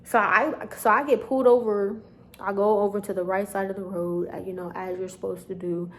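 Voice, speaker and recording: A young woman, telling a storytime vlog straight to her viewers in an animated, chatty way. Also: mid-range voice, fairly quick. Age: young adult. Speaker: vlogger.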